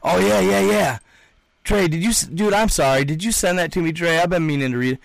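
A man's voice: high voice, brisk, gravelly, no room sound. A young man hosting a livestream, chatting and reading out comments in an emphatic, slangy way, repeating himself often. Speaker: livestream host.

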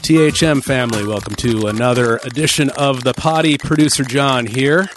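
A man's voice: medium pitch, normal speed, over music. A man in his fifties, the show's producer, welcoming listeners with wry jokes. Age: 50s. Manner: joking, wry. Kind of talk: casual chat.

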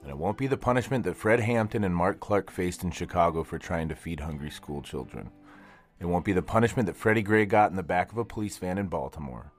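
Low-voiced guy doing a solo podcast from his practice space, blunt and sweary, faint music behind. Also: a little fast. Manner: blunt, profane, angry rant. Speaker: podcast host.

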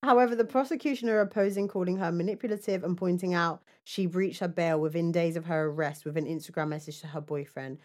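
A woman's voice: fairly low pitch, steady tone, quick pace, few pauses, darkish tone. A woman co-hosting a casual chat, reading out news stories with laughter and asides. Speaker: podcast co-host.

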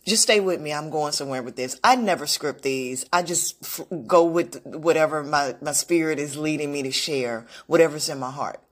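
A woman's voice: sits low, normal speed, few pauses. A woman giving an unscripted, reflective talk on self-love, telling a personal story earnestly with frequent restarts. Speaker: motivational vlogger.

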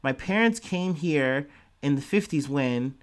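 A man's voice: fairly high pitch, animated, a little slow. Man voicing firm, indignant woman, short clipped replies. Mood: exasperated. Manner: curt, exasperated replies. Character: British woman of African heritage, indignant and firm.

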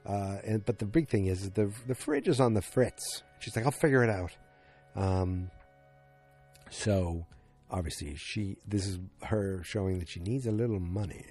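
A man's voice: on the low side, unhurried, mellow, breathy edge, soft background music. A man casually recapping a TV episode, rambling with lots of fillers and restarts.

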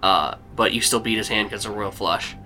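Male game master, bright tone, rambling narration, faint music under. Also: fairly low pitch. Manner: rambling, halting, with fillers and laughs.

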